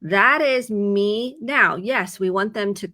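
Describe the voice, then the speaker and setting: Bright-voiced Midwestern therapist woman. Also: mid-range voice, slow pace, dry recording. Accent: American Midwest. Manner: earnest, explains with examples. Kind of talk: casual advice chat.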